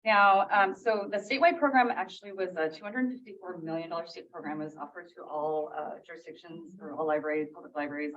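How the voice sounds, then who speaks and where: A woman's voice: lowish voice, fast, hardly any pauses, a bit bright. A woman on library staff giving an informal update at a public meeting, correcting herself as she goes. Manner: casual, self-correcting, laughs off slips. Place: meeting room. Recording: distant, dull lo-fi meeting audio.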